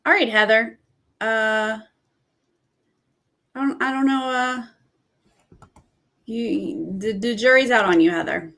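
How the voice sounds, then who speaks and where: A woman hosts a casual reaction vlog and talks at an unhurried, drawn-out pace with plenty of vocal fry. She reads out cast bios one by one and answers each with a chatty, candid remark. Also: on the high side, fairly bright tone. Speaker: reality TV commentator.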